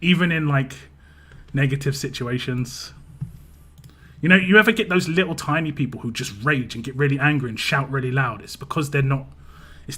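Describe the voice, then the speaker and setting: On his game livestream, this English man has a big, easygoing presence and a slightly bright, medium-pitched voice. His casual chat wanders through stories, and he often restarts and chuckles along the way.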